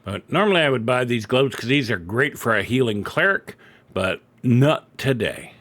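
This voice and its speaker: A middle-aged man gives casual live-stream commentary over a game, chatty and quick to poke fun at himself. His pitch sits in a middle range but swings widely up and down. He talks into a desk microphone at home. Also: animated, fairly bright tone. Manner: chatty and self-deprecating, jumping up and down in pitch.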